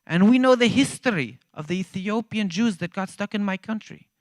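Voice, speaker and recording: A man's voice: a little high, big pitch swings, unhurried, dry recording, voice pushed up. A man putting on the voice of an angry male ambassador who lectures emphatically. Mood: indignant. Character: angry, loud middle-aged male African ambassador.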